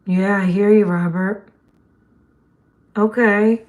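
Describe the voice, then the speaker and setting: A woman, hosting a casual livestream chat in a slightly hoarse voice and laughing often. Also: mid-range voice, steady tone, slow, a little mellow. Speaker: livestream host.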